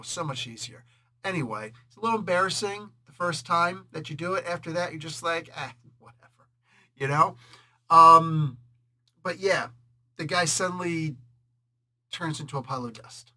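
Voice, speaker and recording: A man talks through a comic book review in a casual, joking way, laughing often and playing out characters' lines in quick voices. His voice sits a bit high and sounds bright and forceful. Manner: animated and jokey, laughs often, does quick voices when quoting.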